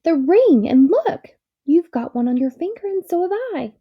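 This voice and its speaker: A woman voicing a curious, excitable young boy in a storybook reading. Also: sits high, moderate pace, creaky, muffled recording, heavily acted. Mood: excited. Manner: eager, exclaiming, a little dreamy.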